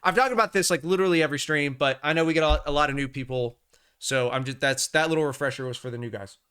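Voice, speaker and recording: A man's voice: on the high side, fast, a bit bright, smooth. A man hosting a casual livestream, talking about the markets in a chatty, rambling way with many restarts. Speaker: livestream host.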